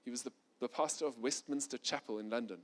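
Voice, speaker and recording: A middle-aged male pastor delivers a sermon, swinging between loud, urgent passages and soft, quiet ones. He preaches animatedly, rising loud and fast when intense and dropping soft and low.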